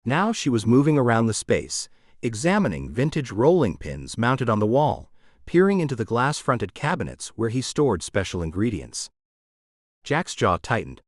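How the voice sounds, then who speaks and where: A man narrating a romantic comedy audiobook with expressive storytelling. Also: mid-range voice, moderate pace, no echo, studio quality.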